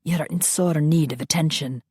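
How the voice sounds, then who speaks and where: A woman voicing a brooding centuries-old male vampire with a put-on Scottish accent, speaking in a slow, hushed, commanding way in an audiobook. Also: sits low, husky, no room sound, studio quality. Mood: seductive. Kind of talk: audiobook narration.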